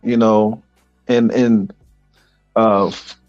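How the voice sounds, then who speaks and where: A man's voice: fairly low pitch, level tone, extremely slow, darkish tone, highs cut off, faint music behind. A man in a casual chat, talking in a laid-back, agreeable way.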